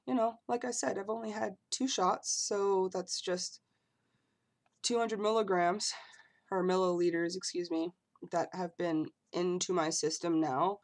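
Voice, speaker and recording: A man's voice: high-pitched, takes it slowly, pauses often. A man vlogging to camera in a casual, earnest way, often apologizing and circling back as he talks. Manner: earnest and apologetic, rambling with restarts.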